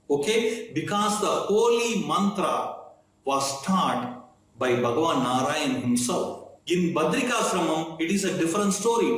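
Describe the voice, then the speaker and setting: A man's voice: sits high, a bit bright. A man telling a devotional story in a conversational way, often checking in with "okay?" between his sentences. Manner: conversational, frequent "okay?" check-ins and fillers. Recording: very echoey room, faint noise.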